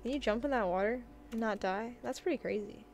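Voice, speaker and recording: A woman's voice: fairly high pitch, fairly quick, a little hiss or hum. A woman streaming a video game, chatting casually and reading out and answering her chat. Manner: chatty, reads chat aloud and reacts. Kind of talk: casual live-stream chat while gaming.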